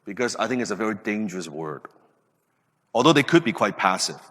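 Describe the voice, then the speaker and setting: A man's voice: on the low side, expressive, a little fast, fairly bright tone. A man in his late thirties gives an emphatic motivational talk as a podcast host, asking his listeners rhetorical questions. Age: late 30s. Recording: reverberant room.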